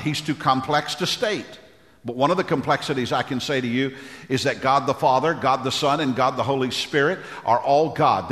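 Here the pastor's voice sits in the mid-range with a slightly bright tone. Preaching in church, he drives his sermon forward through repeated, emphatic phrases and asks the congregation for amens, all under a long hall reverb.

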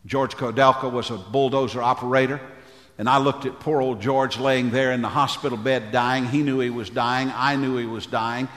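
A man's voice: mid-range voice, steady tone, normal speed, fairly bright tone. A male pastor preaching a sermon in a church, building his points through emphatic repeated phrases and calling on the congregation for amens. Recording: long hall reverb.

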